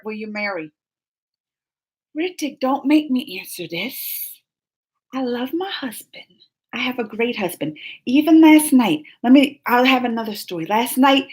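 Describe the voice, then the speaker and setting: A woman in her forties hosting a live stream, chatting casually and teasingly with viewers as she reads their messages. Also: on the high side. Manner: animated, teasing, talks straight to chat readers. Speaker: live-stream host reading chat.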